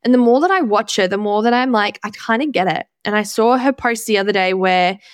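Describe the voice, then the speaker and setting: Woman in her twenties, chatty and blunt, smooth voice, dry recording. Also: mid-range voice, brisk, dry recording. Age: 20s. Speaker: podcast host. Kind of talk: casual solo podcast monologue.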